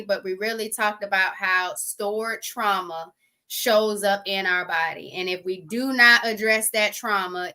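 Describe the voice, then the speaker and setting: A woman with a bright, crisp voice co-hosts a casual podcast. She plugs episodes in an upbeat, promotional way and calls her listeners "y'all". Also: mid-range voice. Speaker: podcast co-host. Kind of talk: casual chat with show promotion.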